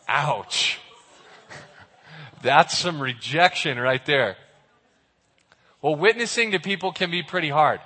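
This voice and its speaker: A man giving a casual sermon, animated and acting out the dialogue of the people in his story. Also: fairly high pitch, measured pace, pauses often. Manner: animated, acts out the characters' dialogue. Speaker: youth pastor. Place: church hall. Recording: reverberant hall.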